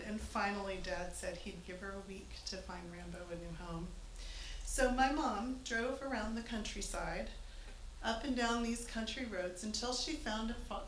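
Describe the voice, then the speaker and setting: A woman telling a funny family story to a live audience in a church hall, chatty and amused. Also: medium pitch. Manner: amused, chatty, laughs between lines. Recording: echoey hall with faint noise.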